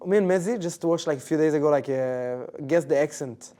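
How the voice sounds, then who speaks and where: A man's voice: a little high, fairly quick, dark tone. A man as an interview guest, chatting in an easygoing, casual way and often restarting his sentences. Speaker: guest, professional esports player.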